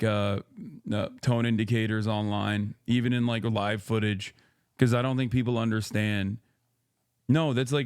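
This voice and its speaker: A male streamer rants on his live stream, swearing and restarting sentences in exasperated disbelief. His pitch sits in the middle range, and the close sound is dry. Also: clean tone, dry recording. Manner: exasperated, profane, incredulous; rambling with frequent restarts. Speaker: streamer host. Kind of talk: reaction stream rant.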